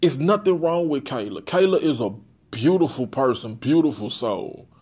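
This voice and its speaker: A young man hosting his own podcast, talking bluntly and profanely in a casual, animated monologue. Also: medium pitch, moderate pace, slightly rough. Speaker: podcast host.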